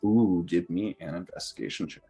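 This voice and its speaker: A man's voice: low voice, moderate pace, mellow, husky, faint music behind. A man narrating as game master of a tabletop game, with stammering restarts and many fillers.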